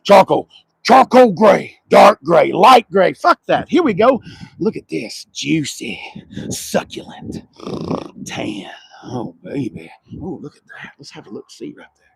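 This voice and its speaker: A man doing a casual car walkaround on a dealership lot, loud and excitable, swinging between low murmurs and sudden shouts. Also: a little slow, vocal fry, husky, dry recording.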